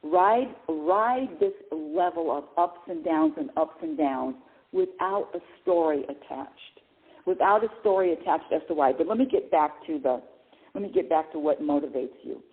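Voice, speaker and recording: A woman's voice: low voice, lively intonation, moderate pace. A woman hosting a call-in radio show, talking in an emphatic way and often repeating her words. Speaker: radio host. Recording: tinny phone-line sound.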